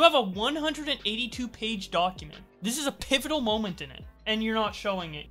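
A woman's voice: a little high, expressive, a little fast, few pauses, a bit bright, soft background music. A woman doing reaction commentary, reading a document aloud in a profane, mocking and dramatic way. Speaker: online commentator.

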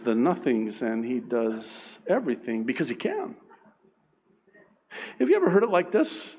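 A male pastor delivering a sermon at an unhurried pace. His pitch sits a bit high and rises and falls widely, and he swings between emphatic lines and hushed ones. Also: creaky, breathy edge, highs cut off.

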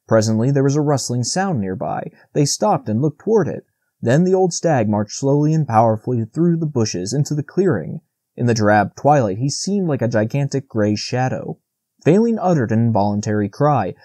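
A man narrating a classic children's novel as an audiobook in a steady, measured reading. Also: medium pitch, no room sound, studio quality. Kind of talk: scripted narration.

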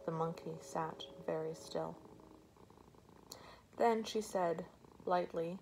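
Brief: calm woman storyteller, unhurried reading, lowish voice. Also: gravelly, slight background noise, rough recording. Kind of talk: read-aloud storybook narration.

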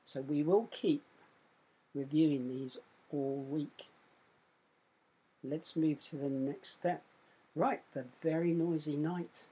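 A primary school teacher giving slow, careful instructions in a recorded online lesson. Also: medium pitch, fairly even intonation, warm tone, husky.

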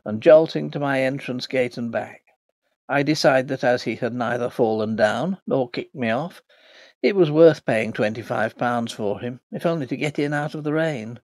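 A man reading a novel aloud as an audiobook narrator, in a measured, dry storytelling delivery. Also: medium pitch, a little mellow, no echo.

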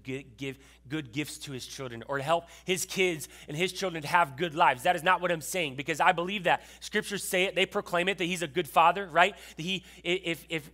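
Bright-voiced man preaching conversationally. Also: fairly high pitch. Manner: conversational preaching with frequent restarts and asides to the congregation. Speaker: pastor. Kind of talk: sermon.

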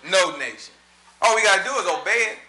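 A man teaching a Bible study in a casual, animated way, full of slang and repeated asides. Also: high voice, fast, roomy sound. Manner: animated, slangy, repeats "you know what I'm saying".

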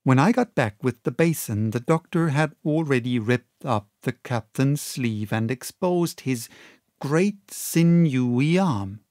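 Slow, measured male audiobook narrator. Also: medium pitch, no room sound, studio quality. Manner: measured, expressive storytelling. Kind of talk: audiobook reading of a classic novel.

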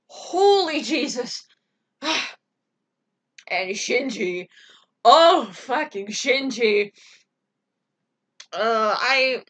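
A woman's voice: high-pitched, sharp tone. A woman vlogging a casual, rambling reaction, gushing and emotional, swearing freely and full of fillers. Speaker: animation vlogger.

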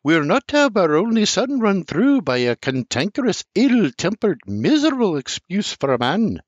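An older man reading an audiobook voices a worried, insistent mother in a raised falsetto. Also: sing-song, normal speed, dry recording. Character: worried Irish mother, middle-aged woman. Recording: dry, slightly muffled recording.

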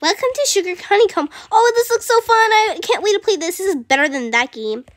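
A woman voicing Fluttershy, a timid gentle young female pony, talking through a video game and gasping at every fright. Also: very high-pitched, animated, brisk, dry recording, studio quality. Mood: nervous. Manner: easily frightened, gasps and soft exclamations. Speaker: gamer. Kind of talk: playing a video game in character. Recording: constant background noise.

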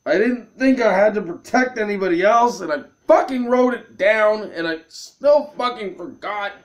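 Male gamer, high and lively voice, slow furious ranting, heavy cursing. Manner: angry, cursing, ranting at himself. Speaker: gameplay video host. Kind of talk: frustrated gameplay commentary.

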